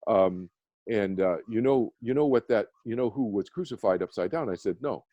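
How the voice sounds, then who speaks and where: A man's voice: on the low side, expressive, moderate pace, mellow, no echo, highs cut off. A man, a meditation teacher, telling a personal story as a radio guest, earnest and rambling with many restarts. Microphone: phone or video call.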